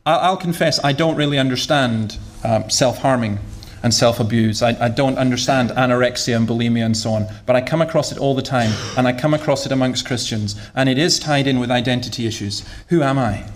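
A man's voice: mid-range voice, fairly quick. A man preaching a sermon in a conversational, humorous way, often repeating words as he goes.

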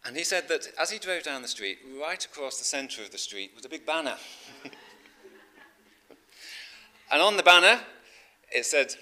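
A middle-aged man preaching a sermon in a conversational storytelling way, with fillers and frequent throat-clearing. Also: on the high side, lively intonation, normal speed, long pauses, sharp tone.

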